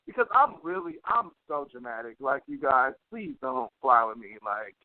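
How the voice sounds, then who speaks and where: A man co-hosting a casual podcast, swearing freely and leaning on "like" as he tells an animated story. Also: mid-range voice, normal speed, no echo. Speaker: podcast co-host. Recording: tinny phone-line sound, dry.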